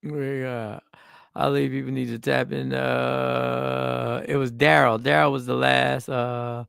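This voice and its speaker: A man's voice: medium pitch, flat delivery, takes it slowly, vocal fry, fairly bright tone, smooth, dry recording, studio quality. A man of Puerto Rican background hosting a livestream, talking casually, joking and rambling with restarts. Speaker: livestream host.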